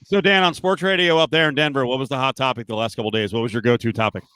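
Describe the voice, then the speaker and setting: A man hosting a podcast who puts brisk questions to his guests in casual chat. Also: mid-range voice, fairly bright tone, smooth, no echo. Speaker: podcast host.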